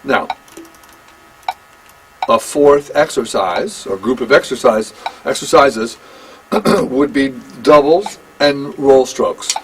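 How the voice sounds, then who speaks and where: An older man giving a one-on-one drum lesson, talking in a halting, conversational way and counting beats aloud. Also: mid-range voice, lively intonation, slight background noise, low-quality recording. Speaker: drum teacher.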